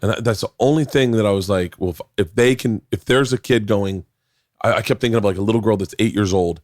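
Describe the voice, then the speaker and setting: A man's voice: on the low side, quick pace, darkish tone, dry recording, clean studio sound. A man in his forties talking in a casual podcast chat, rambling and restarting his sentences, with some swearing. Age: 40s. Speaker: podcast guest.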